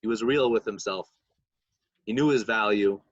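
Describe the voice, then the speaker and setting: Man, low voice, dry, dull lo-fi sound, casual podcast storytelling with Hebrew and Yiddish words. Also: moderate pace, dry recording. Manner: retells stories mixing in Hebrew and Yiddish terms. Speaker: podcast co-host.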